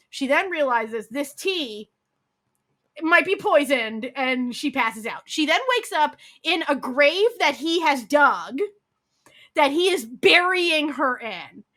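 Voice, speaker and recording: This podcast co-host has a high voice and speaks a little slowly. Chatting casually, she retells the plot of a drama, performing the characters' dialogue with lots of "like"s and some swearing.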